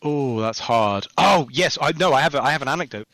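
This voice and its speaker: A game developer guesting on a podcast talks in a mid-range male voice, a little fast, on a dry recording. He chats casually and tells lively stories, laughing often.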